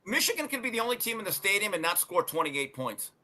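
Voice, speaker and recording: A man hosting a sports talk show, telling stories in an animated, emphatic way and swearing freely. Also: high-pitched, quick pace, very noisy.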